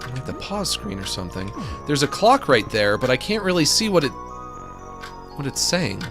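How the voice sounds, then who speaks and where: A man's voice: medium pitch, sing-song, moderate pace, music in the background. A young man giving casual, joking commentary while streaming a video game, rambling and looping silly bits. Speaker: let's-play streamer.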